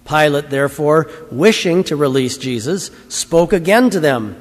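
Man reading scripture in a church, fairly high voice, measured and formal, long reverb. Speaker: scripture reader.

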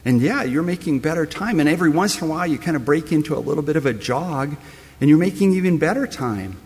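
A man's voice: a little high, animated, fast talker, darkish tone, long reverb tail. A man preaching a sermon, telling a story that speaks straight to the listener as you. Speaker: pastor.

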